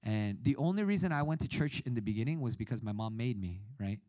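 A man in his thirties preaching a sermon over a video call, telling a personal story with lively acted-out voices. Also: mid-range voice, fast talker, no room sound. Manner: animated storytelling, acts out quoted voices.

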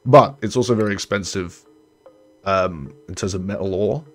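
Over soft background music, a young man streams a colony-building game at a moderate pace. He rambles chattily, corrects himself along the way, and trails off low in this casual let's-play.

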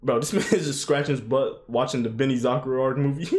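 A young man reacting to an anime episode in casual commentary, swearing a lot, shouting "yo" and "bro" and bursting into high laughing yelps. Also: a little fast. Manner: excitable, swearing, frequent "yo" and "bro" exclamations.

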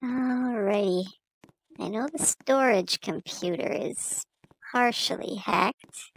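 A woman's voice: medium pitch, slow, gravelly, poor audio. A woman hosting a gaming channel, giving casual play-by-play commentary, chatty and fretting aloud with repeated words when chased. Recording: loud game music behind.

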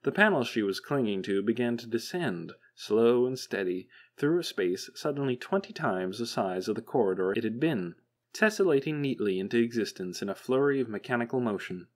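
A man reading an audiobook chapter as narrator, in a measured, steady way. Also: medium pitch. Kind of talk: scripted narration.

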